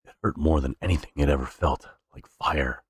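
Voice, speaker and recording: A man with an extremely deep voice sight-reads a novel aloud. He halts now and then, fixing slips and restarting phrases. The recording is dry and close. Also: fairly quick, breathy edge, dry recording. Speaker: reader. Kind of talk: unrehearsed novel reading.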